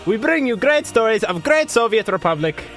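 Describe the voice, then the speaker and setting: A man putting on a fake Russian accent as a bumbling, proud Soviet newsreader, speaking loud and cheerful in broken English. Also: high-pitched, big pitch swings, moderate pace, soft background music, voice pushed up, heavily acted. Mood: proud deadpan. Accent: put-on Russian.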